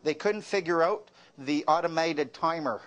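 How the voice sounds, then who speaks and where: A man tells stories to an audience in a wry, joking way, landing his punchlines dry. His speaking voice sits high for a man. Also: unhurried, a bit bright. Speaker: speaker giving a talk. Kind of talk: storytelling talk with jokes.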